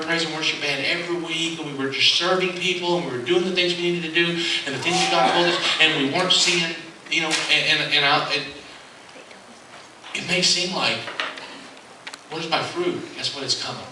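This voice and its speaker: A man's voice: on the high side, steady tone, fairly quick. A man giving an earnest motivational speech to a live audience, repeating his key lines and mixing in joking stories. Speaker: motivational speaker. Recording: echoey hall from far off, noisy.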